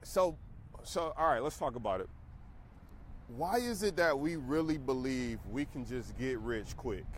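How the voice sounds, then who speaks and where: A middle-aged man speaks at a mid pitch, lecturing his viewers like a trading coach. He lands his points hard and repeats them, and his delivery stays loose and conversational, with a faint hum of noise behind him. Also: animated, unhurried. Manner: emphatic, preachy, conversational. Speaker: stock trading educator. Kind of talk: casual rant to camera.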